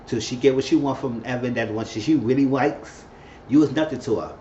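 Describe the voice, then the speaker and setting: A man giving an animated, chatty recap of a TV episode, with quick asides. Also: mid-range voice. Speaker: TV show reviewer. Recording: echoey, dull-sounding room with faint hiss.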